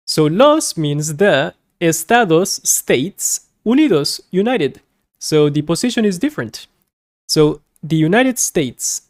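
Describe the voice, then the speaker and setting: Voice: medium pitch, dry recording, studio quality. A Spanish teacher giving a beginner lesson, saying each word several times for learners and explaining in plain terms. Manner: explains in plain terms with small personal asides.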